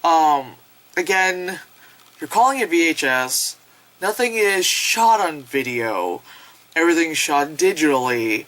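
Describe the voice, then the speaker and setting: A woman's voice: deep voice, animated, measured pace, fairly bright tone, rough recording. A young woman giving a loose, rambling film review at home, full of fillers and swearing, acting out characters' lines. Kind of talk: casual spoken review. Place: home, late at night.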